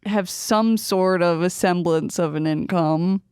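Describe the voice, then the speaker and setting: Slow, laid-back woman with a smooth voice. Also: on the low side, darkish tone, no room sound, clean studio sound. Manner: laid-back, blunt, swears casually. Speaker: podcast co-host. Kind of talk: casual chat. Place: at home.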